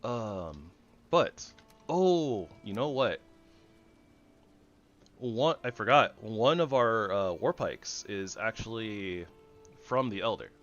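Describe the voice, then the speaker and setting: A man giving goofy, rambling commentary over his own gameplay, jumping between loud excitement and soft mumbling. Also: lowish voice, slow, long pauses, highs cut off, faint music behind. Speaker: gaming channel host.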